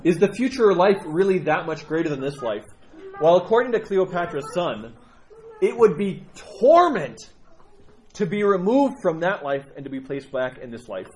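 A middle-aged man leads a class through a saint's legend. He tells it in a lively, slightly high voice. A faint hiss runs beneath his voice. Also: moderate pace. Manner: animated, with frequent fillers and restarts. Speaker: religious teacher. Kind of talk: storytelling lesson.

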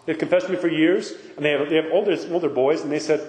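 A man's voice: fairly high pitch, quick pace, darkish tone. A man giving a conversational sermon as a priest, speaking emphatically and asking his listeners many rhetorical questions. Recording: echoey hall with faint background noise.

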